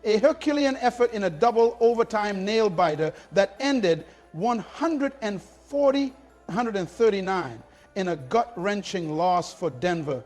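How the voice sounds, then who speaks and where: High pitched guy narrating sports stuff all worked up and punchy, faint music behind. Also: animated, measured pace, a little mellow. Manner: dramatic, indignant, punchy. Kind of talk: scripted narration.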